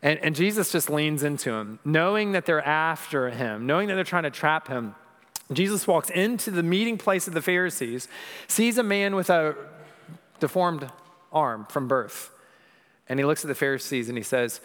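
A man's voice: on the high side, lively intonation, normal speed, fairly bright tone. Earnest male pastor in a reverberant church. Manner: earnest, builds to raised emphatic peaks. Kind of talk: sermon. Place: church sanctuary.

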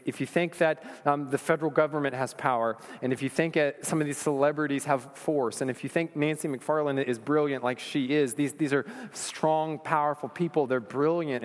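A man preaching a sermon, joking and conversational at first, then building to earnest emphasis. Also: on the high side. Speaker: pastor. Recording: long hall reverb.

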